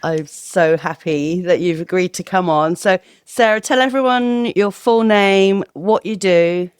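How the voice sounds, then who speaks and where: A woman hosting an interview podcast, chatty and quick to laugh. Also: lowish voice, smooth, dry recording, clean studio sound. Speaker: podcast host.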